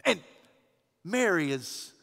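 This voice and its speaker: A man with a high voice delivers a sermon, moving from loud passages to near-hushed ones. His words ring out with a long reverb that fills the church hall. The delivery is dramatic and storytelling. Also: sing-song, slow, gravelly. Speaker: pastor. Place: church sanctuary.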